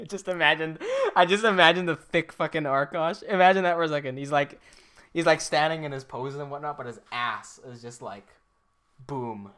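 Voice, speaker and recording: A man's voice: on the high side, moderate pace, pushed and bright, clean tone. Young man chatting on a livestream. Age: young adult. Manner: laughs often, swears casually, reads chat aloud. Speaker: livestreaming animator. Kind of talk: casual livestream chat.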